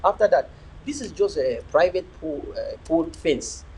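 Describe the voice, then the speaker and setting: A man's voice: on the high side, lively intonation, a little slow, darkish tone, slight background noise, rough recording. A young man hosting a live video chat, preaching and joking, slipping between pidgin and English. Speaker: livestream host.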